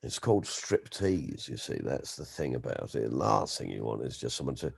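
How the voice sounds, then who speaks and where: A man doing a low, drawling deadpan older gent. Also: moderate pace, gravelly, husky, full character voice. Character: languid older man, dry deadpan wit.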